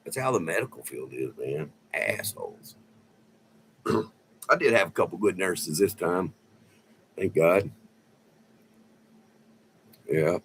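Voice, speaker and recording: A middle-aged man with a lowish voice talks off the cuff outdoors, rambling and swearing freely. A faint hum of ambient noise sits under his voice. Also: lively intonation, rough recording. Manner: loose and profane, drawn-out storytelling with lots of "man". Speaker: vlogger. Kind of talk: casual rambling chat.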